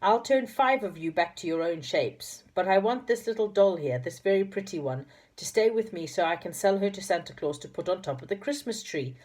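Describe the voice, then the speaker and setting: Woman reading booming old pixie spellmaker, loud and grand, kinda husky. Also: lively intonation, a little fast, hardly any pauses, close to an everyday voice. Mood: beaming.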